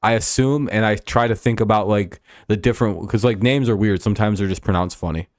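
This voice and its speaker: A man hosting a live stream, giving casual play-by-play and rambling, swearing chat between pitches. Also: a little fast, no room sound, clean studio sound. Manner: rambling and profane, with frequent fillers.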